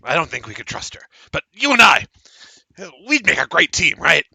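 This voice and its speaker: A man voicing a boastful, paranoid, excitable male halfling who brags and stammers. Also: a little high, vocal fry, breathy edge, no echo, voice pushed up, full character voice. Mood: wheedling. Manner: bragging, fast, stammering.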